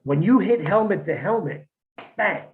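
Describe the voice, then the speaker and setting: A former wrestler on a podcast, talking in a blunt, profane, rambling way with many restarts. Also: male voice, high voice, expressive, moderate pace. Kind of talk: casual podcast chat. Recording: tinny phone-like line.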